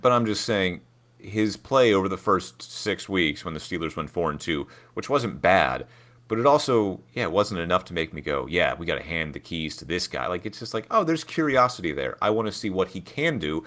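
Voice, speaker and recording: A man's voice: deep voice, big pitch swings, normal speed, fairly bright tone. A man from Pittsburgh co-hosting a sports podcast, opinionated and chatty. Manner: opinionated, chatty, lots of fillers and hedges. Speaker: podcast co-host. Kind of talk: casual sports chat.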